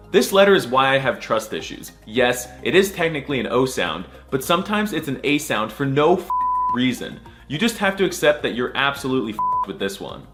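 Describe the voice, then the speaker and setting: Brief: man, comedy video creator, mock alphabet lesson, very lively swooping pitch, faint music behind. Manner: sarcastic, jokey, drawn-out letter sounds.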